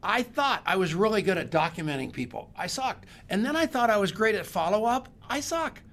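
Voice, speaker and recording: Gravelly-voiced male podcast host. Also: sits high, big pitch swings, brisk, a bit bright. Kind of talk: casual chat.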